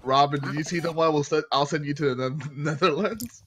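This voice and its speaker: A man's voice: a little high, a little fast, a bit bright, breathy edge. A man hosting a casual voice-chat stream, talking loosely, laughing often and tripping over his words.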